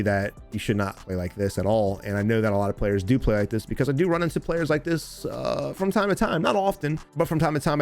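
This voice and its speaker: A man coaching viewers over game footage, deliberately dramatic and emphatic, talking straight to his audience. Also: mid-range voice. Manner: addresses viewers and chat directly. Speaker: gaming coach commentator. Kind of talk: gameplay commentary and tips.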